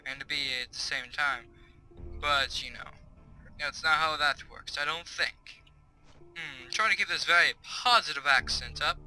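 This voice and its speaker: A young man rambles through a video game in casual let's-play commentary, reading the on-screen tips aloud as he goes. His voice is bright and tense and sits fairly high. Game music plays faintly behind him. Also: low-quality recording. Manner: chatty, excitable, reads on-screen tips aloud. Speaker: gaming YouTuber. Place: home bedroom.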